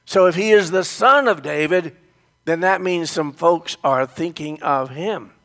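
A man's voice: a little high, a bit bright, in a large hall. A man preaching a sermon who tells the story and speaks straight to his congregation. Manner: storytelling, addresses the congregation directly.

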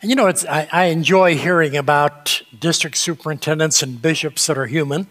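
A man preaching a sermon in a church, telling gentle humorous stories in an unhurried way. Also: on the high side, big-room sound. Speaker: pastor. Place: church sanctuary.

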